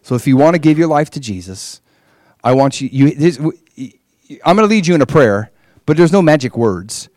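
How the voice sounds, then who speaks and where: A man's voice: fairly high pitch, very animated, brisk, darkish tone, no room sound, studio quality. A man preaching and leading a prayer, talking in an earnest, conversational way. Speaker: pastor. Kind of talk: sermon with guided prayer.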